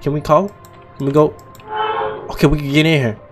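A young man streams a horror game, his voice pitched on the high side. He swings from nervous low muttering to sudden panicked yells. Faint game music plays underneath. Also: level tone, brisk. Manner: swings from low mumbling to loud panicked shouts, reads on-screen text aloud. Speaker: gaming channel host. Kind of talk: horror game let's play commentary.

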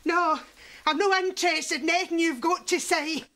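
A woman's voice: very high-pitched, steady tone, fairly quick, background noise. An actress playing a dry, gossipy older Scottish woman in a sitcom.

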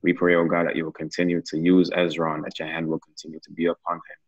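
A man's voice: low-pitched, completely flat delivery, fast talker, breathy edge, no room sound, muffled recording. A man leading a casual Bible study, who closes it with an earnest, repetitive prayer. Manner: earnest, praying with repeated phrases.

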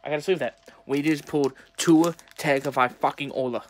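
A young man talking casually to viewers while opening sports cards, chatty and excitable. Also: a little high, fairly quick, a little hiss or hum. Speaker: sports card collector opening packs. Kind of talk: casual pack-opening vlog.

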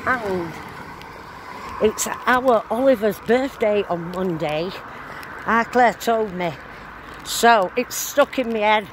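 With a medium-pitched voice, slow pace and frequent pauses, an older woman vlogs while walking a town street, chatting in a rambling, broad dialect. Street and traffic noise crowd the phone recording.

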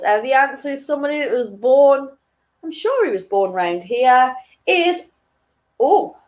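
Young woman, quiz host, high and lively, unhurried, chatty and giggly. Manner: chatty and giggly, reading questions twice, tripping over words. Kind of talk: casual online quiz hosting.

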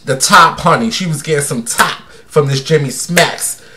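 Brash gossipy guy doing a livestream, kinda high voice, lots of sass. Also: normal speed, background noise. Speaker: livestream host.

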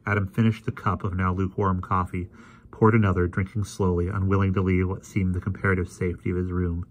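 Audiobook reader: man, very low voice, steady and deliberate. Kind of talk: audiobook narration.

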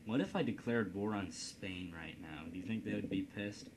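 A lowish-voiced man from Indiana gives casual, rambling gameplay commentary at a moderate pace from his home computer, with a noisy background. He's a let's play host who jokes and is self-deprecating.

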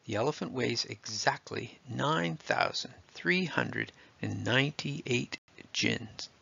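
A man's voice: medium pitch, takes it slowly, creaky, pushed and bright, husky, lo-fi sound, heavily acted. A man voicing a clever, confident small boy in a storybook, who speaks eagerly.

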